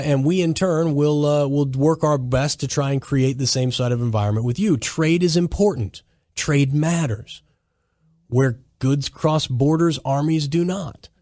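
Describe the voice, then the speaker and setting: A man's voice: medium pitch, a little mellow, no echo, clean studio sound. A man hosting a solo commentary podcast, talking emphatically in a lecturing way and often restarting his sentences. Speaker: podcast host.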